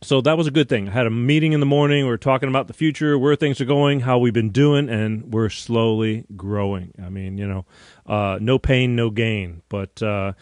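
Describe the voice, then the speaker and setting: A middle-aged man hosting a live call-in show, telling rambling, animated stories full of fillers and restarts. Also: mid-range voice, normal speed, no room sound, studio quality. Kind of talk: casual live-stream chat.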